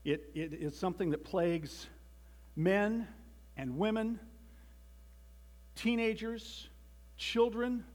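A man's voice: high-pitched, takes it slowly, pauses often, darkish tone. A man giving a conversational sermon with joking asides and frequent restarts, reading a children's story aloud as part of it.

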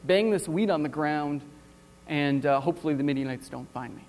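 A man's voice: a little high, brisk, darkish tone, big-room sound, lightly acted. A preacher doing a fearful, sarcastic young man. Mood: frightened. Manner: sarcastic, doubtful. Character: frightened, sarcastic young man hiding in a hole.

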